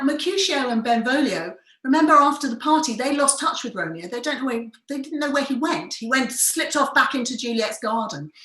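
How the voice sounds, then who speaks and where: A woman theatre director teaches and tells the story with eager, expressive energy. Her voice is bright and fairly high, and it rings around a roomy, echoing space. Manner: enthusiastic, expressive, explains with examples. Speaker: theatre director leading a workshop. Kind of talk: storytelling lesson. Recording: roomy echo.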